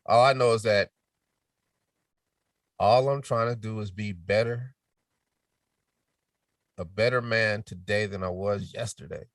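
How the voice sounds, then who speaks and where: A middle-aged man speaking as a podcast guest in casual chat, telling lively stories and switching into quoted voices, sometimes dropping to a near whisper. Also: lowish voice, unhurried, pauses often, dry recording, clean studio sound, distant mic. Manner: animated storytelling with quoted voices, drops to a near whisper to demonstrate.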